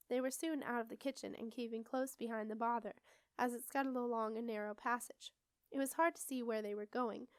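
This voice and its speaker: A woman reading a children's fantasy novel aloud in steady, expressive storybook narration. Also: on the high side, no room sound. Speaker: audiobook reader.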